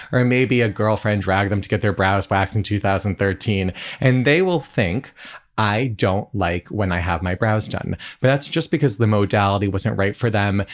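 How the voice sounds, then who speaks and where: A man who is an eyebrow specialist, a podcast guest who talks in a polished, upbeat, explanatory way. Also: on the low side. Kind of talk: casual podcast interview.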